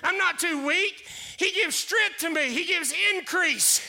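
Male pastor, high gravelly voice, preaches in forceful shouted bursts, winded. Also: a little slow. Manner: preaching with rising shouted declarations. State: getting out of breath. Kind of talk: sermon.

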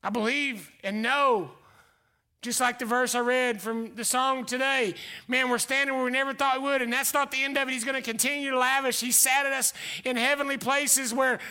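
A male pastor delivering a dynamic sermon, swinging between loud exclamations and hushed whispers. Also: very high-pitched, steady tone, moderate pace, smooth.

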